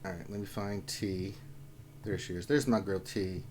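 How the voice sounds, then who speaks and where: A man's voice: sits low, normal speed, very noisy. A man casually hosting a lunch-hour gaming livestream, reading viewer questions and bantering with guests. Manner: excitable, reads viewer questions. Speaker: livestream host.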